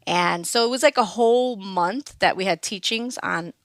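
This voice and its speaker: A woman's voice: mid-range voice, normal speed, a bit bright, dry recording. A woman, a guest on a podcast, tells a personal story in a conversational way, acting out quoted voices and laughing often.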